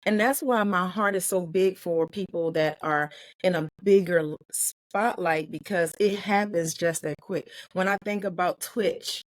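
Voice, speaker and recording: Close to tears, a low-voiced woman from Maryland shares a heartfelt personal story as a guest in an interview. She is a life and business coach, and her quick, earnest bursts are recorded with no echo.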